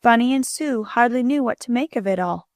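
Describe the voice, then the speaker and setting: A woman reading a children's storybook aloud as an audiobook narrator, in a gentle, clear manner, lightly voicing the characters. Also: fairly high pitch, a little fast, dry recording, clean studio sound.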